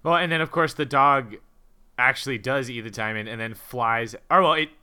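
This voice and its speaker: A man co-hosting a podcast, breaking down a movie's plot in a measured, analytical way, with some stumbles and restarts. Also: medium pitch, bright, forceful tone, clear, resonant tone. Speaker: podcast co-host. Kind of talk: casual film discussion.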